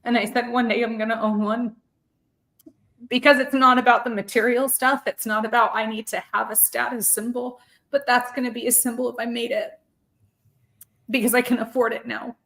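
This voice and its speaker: A woman's voice: fairly high pitch, little pitch movement, normal speed, vocal fry, fairly bright tone. A woman in her thirties, a podcast guest, telling a personal story earnestly and emotionally, close to tears and repeating words as she goes. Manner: earnest, heartfelt, with frequent word repeats.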